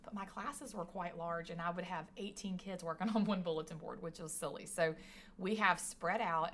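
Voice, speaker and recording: A woman's voice: lowish voice, a bit bright, slight background noise. A woman teacher talking about her career tech classes in a chatty, enthusiastic podcast conversation. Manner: chatty and enthusiastic, many restarts.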